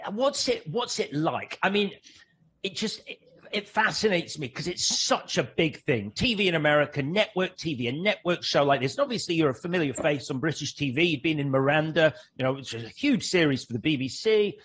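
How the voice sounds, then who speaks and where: A man's voice: a little high, lively intonation, fairly quick, fairly bright tone, a little hiss or hum. A man interviewing a guest, asking long, rambling questions in a casual chat. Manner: rambling, restarts his questions.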